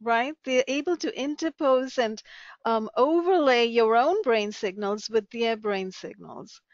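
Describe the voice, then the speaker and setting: A woman's voice: a little high, a little slow, no room sound. A woman hosting an interview, affirming and summing up what her guest says. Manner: affirming, summarizing the guest's points. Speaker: interview host. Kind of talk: conversational interview. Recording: dry, dull lo-fi audio.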